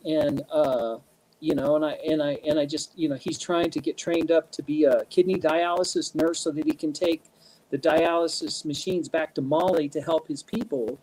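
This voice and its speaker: A man's voice: fairly high pitch, fairly even intonation, normal speed, a little mellow, slight background noise, rough recording. A man in a casual interview, telling rambling stories with many restarts and bursts of laughter. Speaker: guest speaker.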